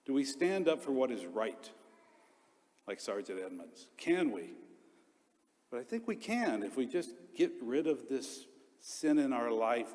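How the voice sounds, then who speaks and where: A deacon delivers a homily in a middle-pitched voice, a man speaking earnestly in short, paused phrases. His words ring out with the long reverb of a church around him. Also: darkish tone.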